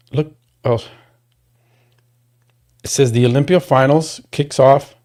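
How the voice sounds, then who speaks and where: Male streamer, mid-pitched voice, casual rambling chat with restarts, flares up loud when griping. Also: fairly even intonation, takes it slowly, pauses often. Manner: gets worked up and loud when complaining. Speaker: livestream host.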